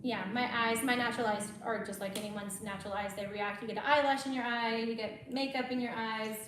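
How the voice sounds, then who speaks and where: A woman's voice: on the high side, steady tone, a little fast. A woman, chatting casually as host and telling stories with a lot of laughter. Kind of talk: casual chat. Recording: very echoey room, faint noise.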